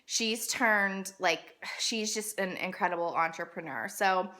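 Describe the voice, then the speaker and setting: A woman in her thirties talks to camera from home, a food blogger answering questions in a loose, rambling way full of fillers. Her voice is bright and clear, and the room adds a noticeable echo. She sounds like someone chatting casually at home. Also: medium pitch, a little slow. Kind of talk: casual vlog Q and A. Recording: roomy echo.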